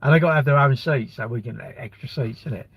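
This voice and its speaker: A man's voice: mid-range voice, fast, gravelly, a bit bright, slightly rough, no echo. A man, chatting on a live stream in a rambling, blunt way, with crude banter and answers to viewers' comments. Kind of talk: casual live-stream chat.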